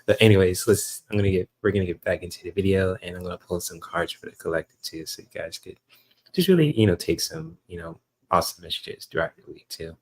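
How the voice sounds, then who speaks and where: A man's voice: sits low, fast talker, darkish tone, husky, low-quality recording. A man hosting a livestream in casual chat, laid-back and rambling with plenty of fillers. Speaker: livestream host.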